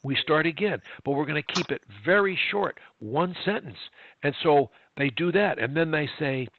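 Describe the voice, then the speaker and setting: A man's voice: on the high side, dry recording. Guy coaching someone on a video call, keeps hammering the same phrases, tinny line. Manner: emphatic, instructive, repeats key phrases. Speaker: stuttering coach. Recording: tinny online call, dry.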